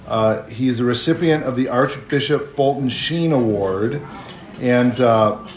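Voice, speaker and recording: A man introducing a guest speaker at an event, halting and full of fillers. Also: mid-range voice. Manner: hesitant, many fillers. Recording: echoey room with faint noise.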